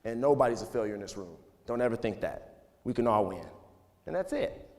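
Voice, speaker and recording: A man in his thirties addresses an audience in a relaxed, chatty way, padding his sentences with "you know" and "like". His voice sits at an ordinary middle pitch. The sound carries a long reverb from a big hall. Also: a little fast, very noisy. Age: 30s. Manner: relaxed and conversational, full of "you know" and "like", laughs often. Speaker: speaker giving a talk to students. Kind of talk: casual, candid talk to an audience. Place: large hall.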